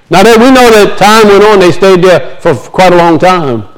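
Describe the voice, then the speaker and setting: A man's voice: high voice, lively intonation, moderate pace, rough recording. A man preaching a sermon, reading scripture aloud and then expounding on it with emphatic repetition. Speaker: pastor.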